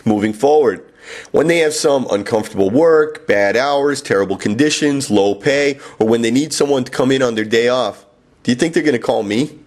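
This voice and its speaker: A man's voice: medium pitch, normal speed, darkish tone. A man reading his own first-person memoir in a wry, sardonic way. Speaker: author and narrator.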